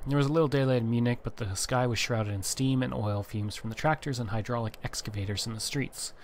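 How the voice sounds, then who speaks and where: Male gamer, mid-pitched voice, reads game text dramatically, jokey asides, faint noise behind. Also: a little fast. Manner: reads narration with mock-dramatic flair, self-deprecating asides. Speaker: gaming channel host. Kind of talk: let's play commentary, reading game text aloud.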